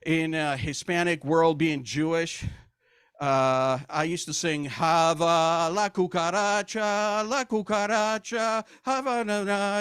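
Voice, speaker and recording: A man's voice: a little high, clean tone, no room sound, clean studio sound. An older man from Argentina, doing stand-up comedy with self-deprecating jokes and lots of hesitant fillers. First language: Spanish. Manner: self-deprecating, hesitant with fillers, breaks into silly voices and songs.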